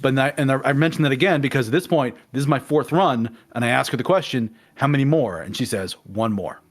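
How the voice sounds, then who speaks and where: A man's voice: mid-range voice, fast, soft background music. Man retelling a game, acting out quotes. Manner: animated storyteller acting out quotes. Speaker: guest in a game discussion. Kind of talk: casual conversation.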